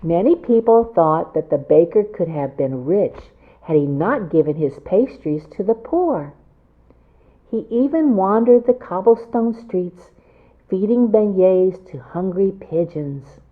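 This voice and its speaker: A woman's voice: medium pitch, expressive, a little slow. A woman reading a picture book aloud to children as a storyteller, with chatty asides about the pictures. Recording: tinny phone-like sound.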